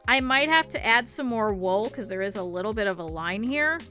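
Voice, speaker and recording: A young woman with a Midwestern accent talks casually and rambles as she crafts on a live stream. Her voice is bright and clear, with a middling pitch. Soft music plays faintly underneath. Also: expressive, normal speed. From northern Ohio, US. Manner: rambling, chatty, thinks aloud. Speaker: VTuber streamer. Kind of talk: casual chat while crafting.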